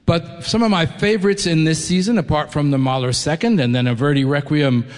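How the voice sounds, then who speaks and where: Speaking live to a concert crowd in a concert hall, an orchestra executive who grew up in New York sounds eager and chatty, frequently starting over mid-thought. His voice sits a little high, and the hall adds a long reverb.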